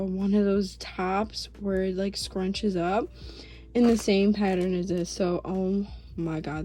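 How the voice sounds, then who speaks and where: A woman's voice: mid-range voice, warm tone. Gushing young woman unboxing doll clothes. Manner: gushing, gasping, filler-heavy, drops to whispers. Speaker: vlogger. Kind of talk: casual unboxing vlog.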